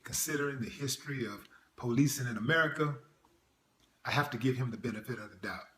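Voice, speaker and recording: A man's voice: medium pitch, fast, a bit bright, echoey room. A man giving blunt, sarcastic reaction commentary on a video. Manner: blunt, sarcastic, mocking impressions.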